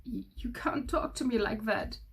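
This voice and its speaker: A woman's voice: mid-range voice, very animated, slow, fairly bright tone, breathy edge, full character voice. A woman voicing a weepy, grumpy male king who sobs and wails his complaints. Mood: wailing. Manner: sobbing, wailing complaints.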